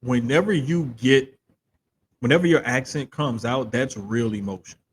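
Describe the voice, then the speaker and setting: A podcast co-host in casual sports chat, talking in an animated, slangy way. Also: male voice, mid-range voice, normal speed, slight background noise. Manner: animated, slangy, talks of having to control his accent on radio.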